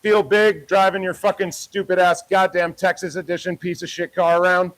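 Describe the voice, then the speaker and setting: A man with a high, raised voice confronts people outdoors, taunting and swearing as he films on a handheld camera. His talk is a steady stream of jeering challenges in a street livestream. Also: moderate pace, rough recording. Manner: heckling, profane, taunting. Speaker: protest livestreamer. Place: outdoors by a parking lot.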